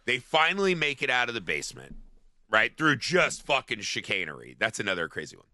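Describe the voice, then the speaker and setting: A man co-hosting a movie podcast, telling the plot in a profane, animated way and acting out the characters' lines. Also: mid-range voice, a little fast, no echo. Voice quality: profane, animated storytelling with acted-out quotes. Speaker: podcast co-host. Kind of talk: casual movie-review chat.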